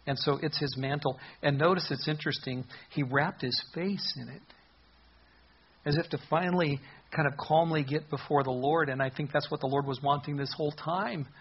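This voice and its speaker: A man's voice: a little high, steady tone, moderate pace, slightly rough, lo-fi sound. A man preaching a verse-by-verse Bible sermon in an earnest, conversational way, often restarting phrases and asking rhetorical questions. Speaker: pastor.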